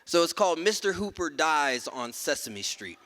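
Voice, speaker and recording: A man performing spoken word poetry and telling stories on a live stage, rhythmic and emphatic, letting his lines fall soft at the ends. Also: fairly high pitch, very animated, moderate pace, long reverb tail, crowd noise. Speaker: performance poet. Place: live stage at a museum event.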